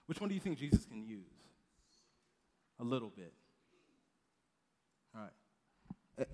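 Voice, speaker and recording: Man preaching casually in a reverberant hall. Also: mid-range voice. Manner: conversational, many restarts, acts out quotes. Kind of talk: casual sermon.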